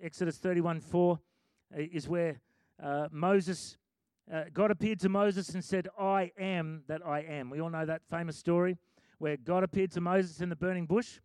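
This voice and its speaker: A man's voice: sits high, fairly even intonation, moderate pace, a little mellow, no room sound. A middle-aged male pastor preaching a sermon in a chatty, self-amused way, breaking into sung lyrics.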